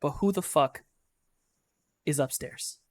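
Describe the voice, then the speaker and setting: A man's voice: fairly high pitch, takes it slowly, dry recording. Brief: man as a short-fused mob boss giving orders, blunt and profane, dry recording. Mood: angry needling. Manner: loud, profane, commanding. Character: hot-tempered middle-aged male crime boss.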